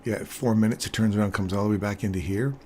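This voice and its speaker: Talking fast in a lowish voice, an older man runs a live trading stream, commenting on charts and chatting casually with his audience. He laughs a lot and becomes animated when he tells stories. A little hiss or hum runs through the audio.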